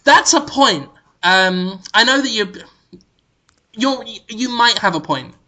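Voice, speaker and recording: A man hosting a casual comedic podcast, pitching absurd ideas in a mock-earnest deadpan. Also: slow pace. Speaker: podcast host.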